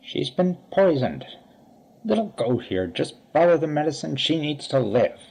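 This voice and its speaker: An actor playing a gentle old male doctor who speaks in a slow, soothing, kindly way in a radio play. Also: fairly high pitch, sing-song, creaky, slightly rough, heavily acted.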